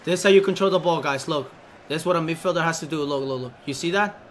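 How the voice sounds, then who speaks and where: A man's voice: fairly high pitch, fast, a little hiss or hum. A young man streaming a football game, coaching and teasing his teammates in casual gaming chat. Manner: bossy, joking coaching of teammates. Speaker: streamer and team captain.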